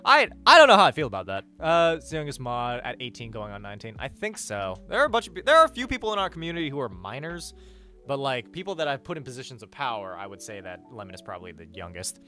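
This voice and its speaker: A man's voice: medium pitch, big pitch swings, quick pace, sharp tone. A man streaming live, chatting casually with his viewers, rambling and joking with lots of swearing and "like". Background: faint music.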